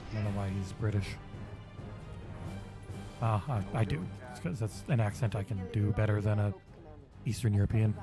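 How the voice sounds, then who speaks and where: A man streaming a game for charity on a headset mic, chatting excitedly with viewers and swearing freely. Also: fairly low pitch, normal speed, long pauses. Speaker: charity livestream gamer. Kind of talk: casual game-stream commentary. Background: game music.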